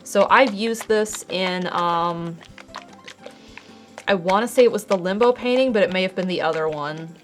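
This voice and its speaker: A woman's voice: on the low side, moderate pace, faint music behind. A young woman streaming her art, chatting casually and explaining her painting steps as she works. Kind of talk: casual chat while painting.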